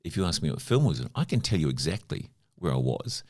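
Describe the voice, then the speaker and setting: A man's voice: very deep voice, sing-song, quick pace, darkish tone. A man in his fifties from New Zealand, a podcast guest telling stories in a chatty, casual way, full of "you know" asides. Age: 50s. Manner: chatty anecdotal, lots of "you know" fillers. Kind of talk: casual conversational storytelling.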